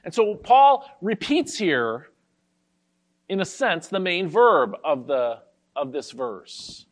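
A man pastor giving an expository sermon, carefully explaining a Bible verse and reading the scripture slowly. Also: high-pitched, very animated.

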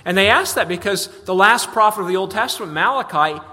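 Pastor preaching, bright pushy tone, repeats words a lot, big echoey church. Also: male voice, animated, fast, hardly any pauses. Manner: earnest, repeats words on restarts, voices questions with rising pitch. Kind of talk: expository sermon. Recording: long reverb of a large hall.

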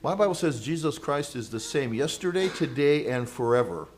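A man preaching a sermon in an earnest, conversational way, moving between loud exclamations and hushed storytelling with casual asides. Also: mid-range voice, big pitch swings, moderate pace. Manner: conversational asides with fillers and chuckles.

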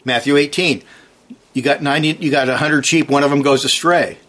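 A man delivers a sermon in an earnest, emphatic manner, his voice sitting a little high for a man. He drives each point home with short, repeated commands. When he reads scripture, he slows down and builds the stress as he goes. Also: steady tone, fairly bright tone. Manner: reads scripture aloud slowly with rising emphasis. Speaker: preacher.

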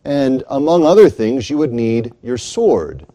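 A man's voice: mid-range voice, sing-song, a little slow, dark tone. A man preaching a sermon, earnest and building to emphatic declarations.

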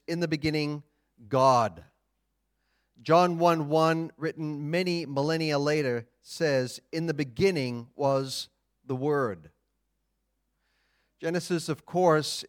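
Male pastor, sermon, slow measured delivery, slightly high voice, emphatic. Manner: deliberate, emphatic teaching with pauses.

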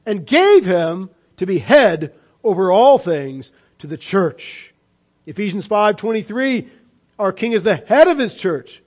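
A man preaching a sermon, swinging from fervent shouts down to low, hushed lines. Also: sing-song, measured pace. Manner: impassioned preaching, rising and dropping sharply. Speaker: pastor.

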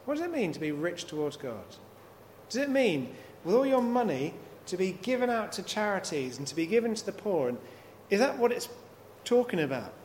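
A man's voice: high voice, big pitch swings, fairly quick, darkish tone. A man preaching a sermon, working through scripture with repeated rhetorical questions. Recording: long hall reverb, faint noise.

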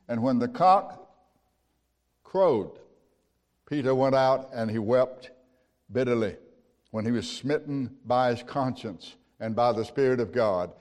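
A man's voice: mid-range voice, darkish tone. A man preaching a sermon, telling stories in a folksy, conversational way with rhetorical questions. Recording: long hall reverb.

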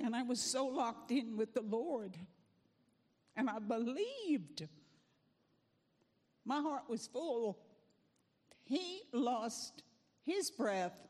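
A woman giving a church testimony in an earnest, fervent, unhurried way. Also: on the high side, darkish tone. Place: church sanctuary. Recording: long church hall reverb.

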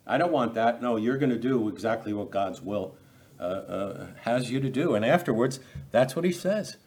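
A man's voice: mid-range voice, lively intonation, moderate pace, darkish tone. A man preaching an expository sermon as pastor, conversational, posing rhetorical questions, acting out quotes and often repeating words as he restarts phrases.

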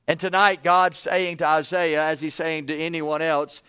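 A man preaching revival in a smooth, resonant voice pitched a little high. He calls "amen?" to the congregation. He builds to loud, drawn-out emphasis. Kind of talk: revival sermon.

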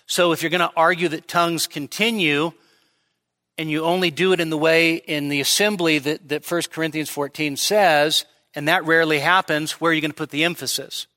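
A man preaching a midweek teaching sermon, walking his congregation through each point and pausing to check they follow. His voice sits a little higher than most men's and rings bright and forceful. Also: fairly even intonation. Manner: explanatory, checks in with the congregation often. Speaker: pastor.

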